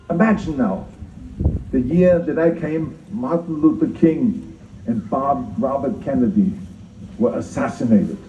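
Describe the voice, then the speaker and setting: A man's voice: medium pitch, warm tone, slight background noise. An older man with a German accent gives an emphatic public speech, repeating his key phrases and joking at his own expense. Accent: German-speaking. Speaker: keynote speaker at a citizenship ceremony. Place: outdoor ceremony. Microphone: speaker's mic filmed from the audience. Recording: distant, echoey, dull audience phone recording.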